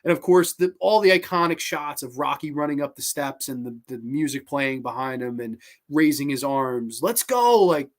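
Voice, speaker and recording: A man's voice: mid-range voice, normal speed, hardly any pauses. A young man hosting a casual movie talk show, enthusiastic and rambling, with lots of fillers and restarts. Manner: hums and sings snatches of film music. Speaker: host.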